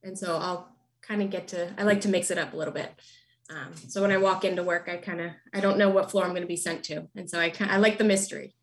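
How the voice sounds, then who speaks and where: A woman in her thirties, a nurse and podcast guest, telling funny stories in an animated, laughing way. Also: lowish voice, quick pace. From United States. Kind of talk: casual storytelling.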